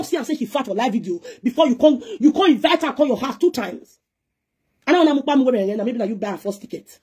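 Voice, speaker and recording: Nigerian pidgin woman ranting on a live stream, talks quick, a bit husky, scolding and preachy. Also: mid-range voice, mellow. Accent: Nigerian Pidgin English. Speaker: live video presenter. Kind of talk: heated live-stream rant.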